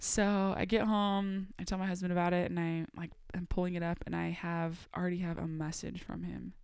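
A young adult woman on a podcast telling a personal story in a casual, animated way. She laughs often and acts out the dialogue she quotes. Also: lowish voice, fairly quick, gravelly, clear, resonant tone, no echo, studio quality. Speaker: podcast guest.

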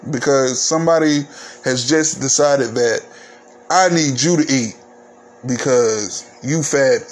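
A man hosting his own podcast, talking casually in a candid, ranting, profane monologue. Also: a little high. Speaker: podcast host.

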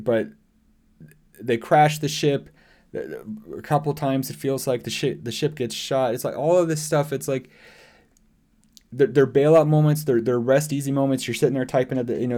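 A man hosting a casual podcast discussion, animated and talking in quick restarts. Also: medium pitch. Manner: animated, frequent restarts and acted-out quotes. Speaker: podcast host.

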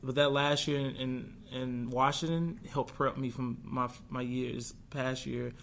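A man's voice: medium pitch, little pitch movement, unhurried, vocal fry, a bit bright. A young man, a guest in an interview, talking earnestly and reflectively about a hard stretch of his career, with many restarts and quoted inner thoughts. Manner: acts out his own past thoughts in quoted asides. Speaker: guest, pro football player. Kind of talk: candid conversational interview.

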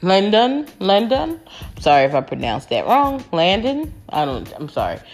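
A woman's voice: mid-range voice, huge pitch swings, moderate pace, faint music behind. A woman chatting casually to her viewers, rambling with lots of fillers and restarts and calling them y'all. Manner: talks to her audience as y'all. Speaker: vlogger recapping a reality show.

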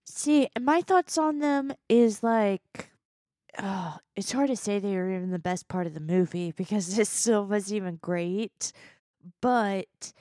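A woman's voice: fairly high pitch, darkish tone, dry recording, studio quality. A woman co-hosting a comedy podcast, chatting about a movie in a giggly way and trailing through her thoughts. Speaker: podcast co-host. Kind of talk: casual comedic movie review chat.

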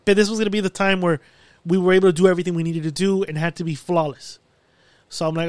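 A man's voice: sits high, fast, dry recording. A man hosting a podcast, telling a long story in a casual way, swearing often and acting out what he and others said. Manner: animated, swears often, retells his own quotes. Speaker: podcast host. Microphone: studio mic.

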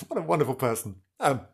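A man's voice: mid-range voice, vocal fry, breathy edge. A man hosting a podcast in casual comic chat, giggly, gushing and theatrical. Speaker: podcast host.

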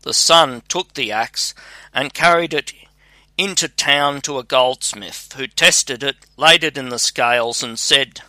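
A man reads a fairy tale aloud at a slow pace in a steady, unhurried manner. His tone is bright and crisp, and the recording is dry and close. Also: medium pitch, no room sound. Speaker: storyteller. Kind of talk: scripted fairy-tale narration.

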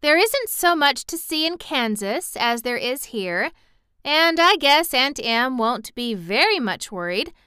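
A woman's voice: high-pitched, big pitch swings, measured pace, pushed and bright, clear, resonant tone, dry recording, studio quality, pitched above the performer's own voice, heavily acted. Woman doing a curious little girl. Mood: thoughtful. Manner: earnest, wondering.

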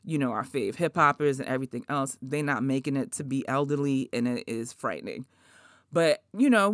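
A woman in her forties hosts her podcast with a low voice and a dry, close sound. She talks casually, swears freely, laughs a lot and rants in mock outrage. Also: dry recording. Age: 40s. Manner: profane, animated, laughs often, mock outrage. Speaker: podcast host. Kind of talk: casual chat.

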